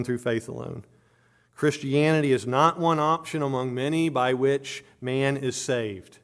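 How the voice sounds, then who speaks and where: A man's voice: steady tone, unhurried. A middle-aged man preaching a sermon earnestly, stumbling over repeated words and rising on emphatic points. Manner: earnest preaching with frequent word repetitions and restarts; rises in pitch and volume on emphatic points. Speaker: pastor.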